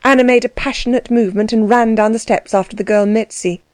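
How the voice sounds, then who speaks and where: A woman reading a period novel aloud in scripted audiobook narration, measured and expressive. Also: fairly high pitch, dry recording.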